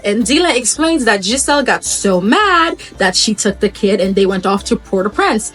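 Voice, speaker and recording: A woman's voice: on the high side, sing-song, normal speed, a bit bright, faint music behind. A woman from Haiti retelling a folktale in a casual, chatty way with laughing asides. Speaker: vlogger.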